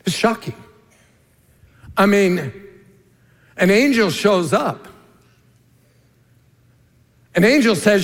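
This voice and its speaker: A man preaching a sermon as lead pastor, earnest and emphatic, dropping to a hushed tone for key points. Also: high-pitched, expressive, takes it slowly, pauses often. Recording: long reverb of a large hall.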